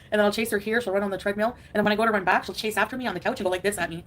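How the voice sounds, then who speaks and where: A woman's voice: mid-range voice, very fast, hardly any pauses. A woman chatting casually on a live stream, reading out viewer names and giggling often. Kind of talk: casual livestream chat.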